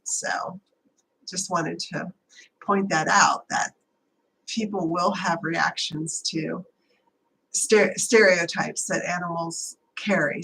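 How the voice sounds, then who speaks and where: A woman's voice: fairly low pitch, creaky, a bit bright, slight background noise, rough recording. A woman hosting a live stream, chatting casually in a rambling way before leading a channeling prayer. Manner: rambling, chatty, many fillers.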